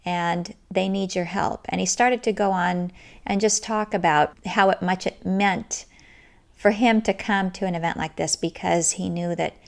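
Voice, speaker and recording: Podcast host lady telling a story, kinda gravelly low voice, earnest and emphatic. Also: fairly even intonation, moderate pace. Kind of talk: storytelling monologue.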